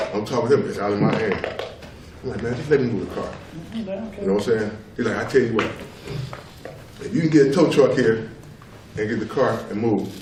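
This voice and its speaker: This middle-aged man, testifying as a father at a public tribunal, has a fairly low pitch and a darkish tone. He talks with emphasis, circling back over his points and asking again and again "you know what I'm saying." His words echo through a large public hearing room, picked up by a faraway mic with faint noise.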